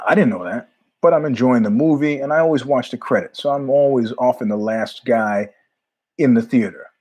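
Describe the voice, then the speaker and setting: A middle-aged male host with a husky, slightly breathy voice. He talks in a loose, rambling way, jumping from tangent to tangent. His pitch sits in an ordinary middle range. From New York. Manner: rambling, animated, jumps between tangents with asides. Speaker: podcast host. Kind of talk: casual monologue storytelling.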